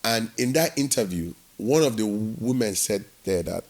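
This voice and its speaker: Here an interview guest from Nigeria recounts his work story, performing each line of dialogue like a lively storyteller. His pitch is fairly low and his pace moderate.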